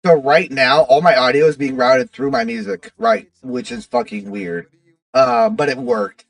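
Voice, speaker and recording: Gravelly rambling male livestreamer. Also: sits high, lively intonation, unhurried, no room sound, distant mic. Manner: rambling, talks to chat with many fillers. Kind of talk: casual livestream chat.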